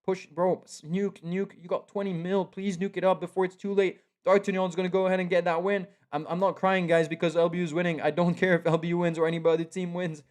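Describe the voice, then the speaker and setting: A young man giving live commentary on a strategy game match. He is excitable, repeats himself and talks straight to the players. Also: sits high, fast, few pauses. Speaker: esports caster.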